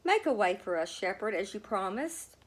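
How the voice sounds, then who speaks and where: A woman voicing a frightened, tearful young woman pilgrim in a storybook reading, pleading in a high, wavering voice. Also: sing-song, moderate pace.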